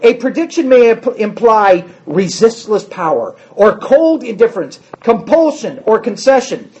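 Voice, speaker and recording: A man's voice: high-pitched, big pitch swings, a little slow, darkish tone, rough recording. A man teaching a Bible class, explaining carefully, repeating key points and adding wry asides.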